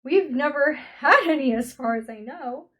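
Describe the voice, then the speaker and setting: Brief: an honest, eager freckled teen boy read by a woman, higher voice, storybook audiobook. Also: a little slow, lightly acted. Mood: earnest. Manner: frank, earnest, eager.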